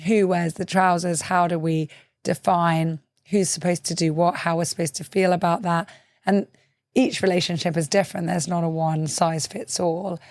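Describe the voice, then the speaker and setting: A woman hosting a podcast interview, asking thoughtful, gently probing questions with soft "mm-hmm" responses. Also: fairly low pitch, steady tone, moderate pace, no echo, clean studio sound. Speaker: podcast host.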